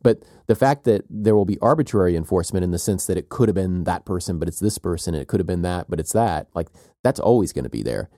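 A man's voice: low-pitched, lively intonation, fast talker, hardly any pauses, mellow, no echo, clean studio sound. A man co-hosting an academic talk, thinking aloud at length with playful asides and frequent "right?". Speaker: podcast co-host. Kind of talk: academic conversation.

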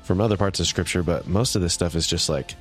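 Deep-voiced man co-hosting a podcast. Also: fast, faint music behind. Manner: warm, emotional, laughs often. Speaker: podcast co-host. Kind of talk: casual podcast discussion.

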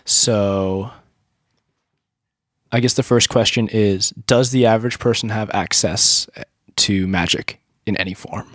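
A low-voiced man runs a casual tabletop planning chat as game master. He thinks aloud in a halting way and often restarts his sentences. The recording is dry, with no room echo. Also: steady tone.

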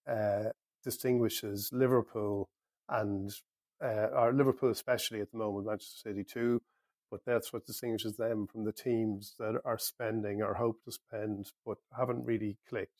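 A man's voice: fairly low pitch, fairly even intonation, moderate pace, darkish tone, no echo, studio quality. Thoughtful man analyzing football. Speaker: podcast pundit. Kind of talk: casual football discussion.

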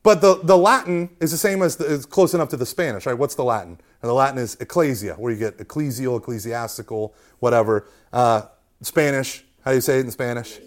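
A man's voice: medium pitch, brisk. A man teaching an informal Catholic Bible class, joking often and checking in with "right?" after his points. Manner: animated, joking, keeps asking "right?". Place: hot meeting room with a live class.

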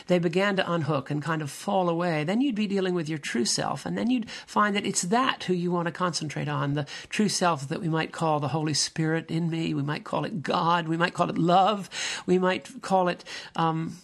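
An older man, a minister hosting his own podcast, giving a slow, meandering spiritual monologue full of fillers and restarts. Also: on the high side, vocal fry, a bit bright.

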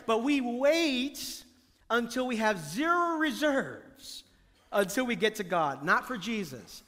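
A man's voice: very high voice, expressive, slow pace, pushed and bright. A male pastor preaching a sermon, emphatic, building his points through repeated phrases and calling out to the congregation. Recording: long reverb of a large hall.

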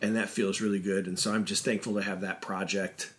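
A man's voice: deep voice, level tone, fairly quick, a bit bright. A man hosting a podcast in casual chat, hesitant and trailing off at times. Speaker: podcast host.

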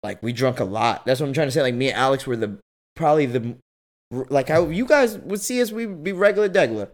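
A young man telling a story in casual, slangy podcast chat, animated and jumping high in pitch when he quotes others. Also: fairly quick.

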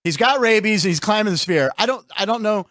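High-voiced joking male sports show host. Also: brisk, no room sound, clean studio sound. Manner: animated, jokey, puts on mock announcer voices. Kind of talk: joking radio-style banter. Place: studio.

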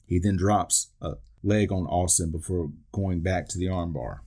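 A man's voice: deep voice, steady tone, measured pace, dark tone. A man hosting a podcast, narrating a play-by-play recap of a wrestling match and dropping dry wisecracks between the moves. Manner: dry asides and wisecracks between call-outs. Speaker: podcast host.

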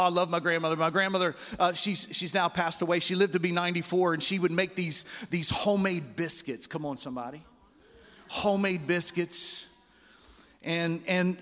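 A man's voice: high voice, fairly bright tone. Folksy preaching man in a reverberant hall. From West Virginia roots, United States. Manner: folksy storytelling with call-outs to the congregation. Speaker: pastor. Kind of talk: sermon. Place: church hall. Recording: long reverb of a large hall.

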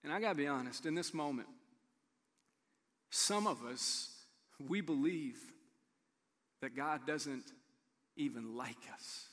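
A man preaching a sermon as pastor, earnest, moving between quick storytelling and soft, hushed emphasis. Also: on the high side, in a large hall. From Illinois, USA.

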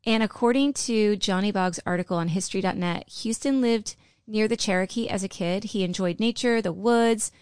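A woman's voice: mid-range voice, moderate pace, few pauses, darkish tone, clear, resonant tone, no echo. Woman, podcast co-host, chatty storytelling, dry close recording. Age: middle-aged. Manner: chatty, laughing, breaks into sung lines. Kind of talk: casual chat, telling a history story.

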